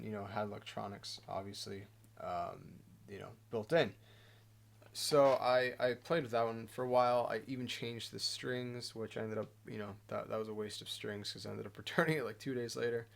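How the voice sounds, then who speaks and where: A young man talks casually to his camera, rambling along with plenty of "uh"s and "you know"s. His voice sits at an average pitch with a gravelly, fry-heavy edge. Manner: rambling, lots of fillers and restarts. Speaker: musician vlogger. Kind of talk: casual vlog talk.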